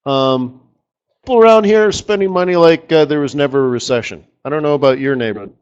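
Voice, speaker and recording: A man hosting a live trading session, chatty and excitable, breaking into lively exclamations. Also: fairly high pitch, fast talker, clean tone, lo-fi sound. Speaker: market strategist host. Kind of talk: live trading webinar commentary.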